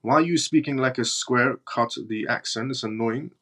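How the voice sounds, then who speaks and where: A man's voice: mid-range voice, normal speed, fairly bright tone. A man with a British accent hosting a live stream, reading news and viewer comments aloud in a blunt, mocking way. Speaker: crypto livestream host.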